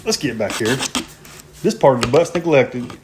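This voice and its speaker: A man's voice: mid-range voice, animated, normal speed, background noise. A man, hosting a casual barbecue cooking video in a folksy, joking way outdoors. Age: 50s. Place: outdoors at a grill.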